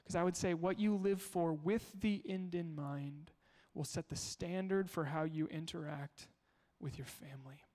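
Pastor, male, fairly high voice, storytelling sermon with rhetorical questions, echoing in a big hall. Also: unhurried, hardly any pauses, dark tone. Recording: long hall reverb.

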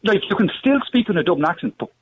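Casting: husky, fairly high-voiced male caller from the Netherlands, blunt, tinny phone line. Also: big pitch swings, racing. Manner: blunt, opinionated. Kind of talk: phone-in call.

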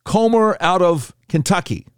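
A man's voice: high voice, lively intonation, measured pace, clear, resonant tone, dry recording, studio quality. A man commenting on politics, reading through a list with indignant, sarcastic remarks.

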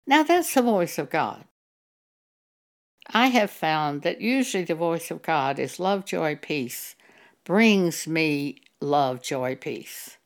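An older woman giving a sermon, speaking in a slow, measured way and drawing out words as she shares personal testimony. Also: on the low side, vocal fry. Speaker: preacher.

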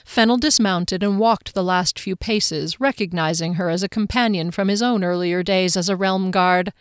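A woman reading a fantasy novel aloud in a steady storytelling manner. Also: fairly low pitch, moderate pace, hardly any pauses, clean tone, no echo, studio quality. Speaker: narrator. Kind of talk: scripted fantasy narration.

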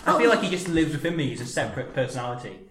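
Dry-witted man with a lively voice. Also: fairly high pitch, rapid-fire, echoey room, over a noisy crowd. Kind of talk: casual chat.

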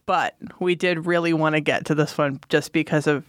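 A woman's voice: low voice, fairly even intonation, normal speed, no echo, studio quality. A woman co-hosting a casual chat, reacting expressively and laughing along. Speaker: podcast co-host.

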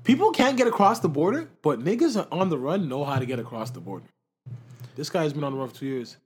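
A man co-hosting a casual radio chat, talking in an animated way and acting out what others said. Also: on the high side, fast, breathy edge. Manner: animated, quotes people in raised voices.

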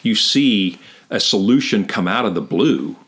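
A man discussing a letter of scripture as a guest, animated and acting out quoted lines in a raised voice. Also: unhurried. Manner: animated, acts out quoted lines with big pitch jumps. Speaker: Bible teacher, guest. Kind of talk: casual theological discussion.

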